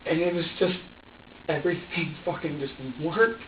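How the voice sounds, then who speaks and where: A man's voice: on the high side, normal speed, a little hiss or hum. A young man making an emotional confession during a police interrogation, agitated and profane, stammering and restarting as he talks. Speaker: suspect being questioned by police. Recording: distant, roomy, dull room recording.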